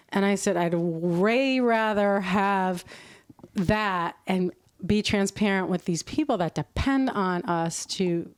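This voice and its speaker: A middle-aged woman, a podcast guest, telling a work story in a lively, animated way and laughing often. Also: on the low side, measured pace, clear, resonant tone, no room sound, studio quality. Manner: animated, acts out quoted voices, laughs often. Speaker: podcast guest, nonprofit CEO. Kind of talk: conversational storytelling.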